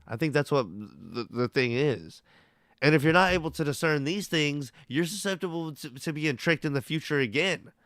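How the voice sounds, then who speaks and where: A man's voice: on the high side, expressive, moderate pace, fairly bright tone, no echo, clean studio sound. A male host giving profane, mocking commentary on news clips, talking bluntly and swearing freely. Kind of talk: profane, heated political commentary.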